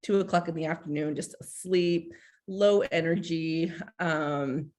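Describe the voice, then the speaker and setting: A woman in her forties speaks on a video call in a candid, heartfelt way, with her words full of filler likes. Her voice sits a little low for a woman. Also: steady tone, a little slow, a little mellow. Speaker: school social worker. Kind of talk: casual video-call presentation.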